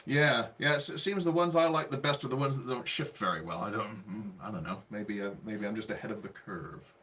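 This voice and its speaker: An English man co-hosting a livestream, chatting in a relaxed, hesitant way with many fillers. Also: lowish voice, a little fast, slight background noise. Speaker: livestream co-host. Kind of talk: casual chat.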